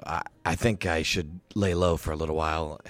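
A man's voice: low-pitched, steady tone, moderate pace, no echo, pitched below the performer's own voice, lightly acted. A man voicing a shy, wary woman fighter who hesitates and stammers. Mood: hesitant.

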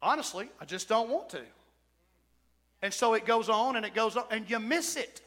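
A man preaching a sermon as pastor, with shouted whoops and emphatic repetition. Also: very high-pitched, expressive, normal speed. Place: church sanctuary. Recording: church hall reverb.

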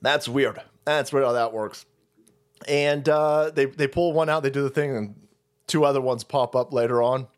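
A man's voice: medium pitch, fairly even intonation, moderate pace. A man hosting a livestream, ranting in a profane, sarcastic way and often laughing. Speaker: livestream host.

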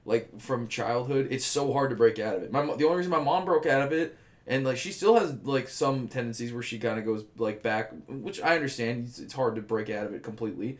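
A young man co-hosting a podcast, talking in animated, profanity-heavy casual banter. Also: medium pitch, brisk. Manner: animated, profane, swears constantly. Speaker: podcast co-host.

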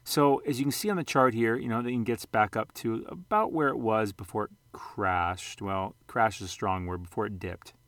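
Man, low voice, dry close sound, casual vlog commentary, rambling, self-correcting, jokey. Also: normal speed, hardly any pauses, a bit bright, no echo. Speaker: sports card and investing vlogger. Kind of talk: casual screen-share commentary.

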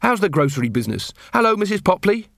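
A man's voice: high voice, sing-song, fast, creaky, fairly bright tone, no echo, clean studio sound, pitched above the performer's own voice, full character voice. A man voicing an earnest, polite young watch corporal who speaks formally and by the book, in an audiobook reading.

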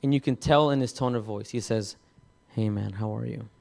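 A man preaching, telling a personal story in a halting way, with many repeated words and restarts. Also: lowish voice, creaky, darkish tone. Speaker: pastor. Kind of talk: sermon testimony.

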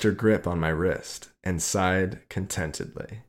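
A man reading his own adult short story aloud in a slow, measured way. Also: deep voice, steady tone.

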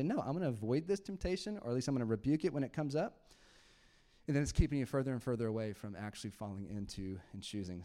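A man in his thirties delivers a sermon in a relaxed, conversational manner, with a voice of ordinary middle pitch. He swings between quiet, hushed stretches and loud, emphatic passages. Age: 30s. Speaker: pastor.

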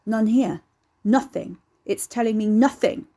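A woman's voice: on the low side, steady tone, a little fast. A woman doing a snarling, cursing young man in a rage. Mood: raging. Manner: shouting, snarling.

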